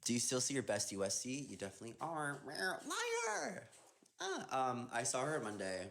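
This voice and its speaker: A man's voice: medium pitch, fast, a bit bright. A young man chatting casually on a phone livestream, reading viewer comments aloud and answering them playfully, often trailing off mid-thought. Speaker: dancer hosting an Instagram live.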